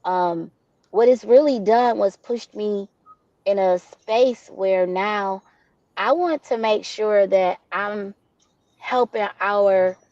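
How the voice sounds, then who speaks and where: A woman's voice: mid-range voice, slow, a little mellow, dry recording. A woman from Detroit, speaking as a guest in an interview, telling a personal story in a candid, heartfelt way. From Detroit, USA. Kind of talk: interview conversation. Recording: dull, dry lo-fi audio.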